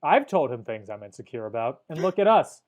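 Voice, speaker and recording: Deadpan young man recapping a movie. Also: medium pitch, fairly quick, dull audio. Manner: dry, deadpan jokes. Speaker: podcast co-host. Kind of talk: casual chat recapping a movie.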